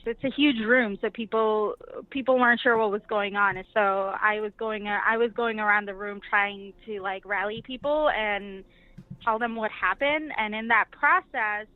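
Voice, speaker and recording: A woman's voice: medium pitch, steady tone, moderate pace, dry recording. Woman telling her story over a tinny line. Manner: chatty storytelling with many fillers. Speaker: interview guest, activist delegate. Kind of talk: casual recounting. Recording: tinny phone-line sound.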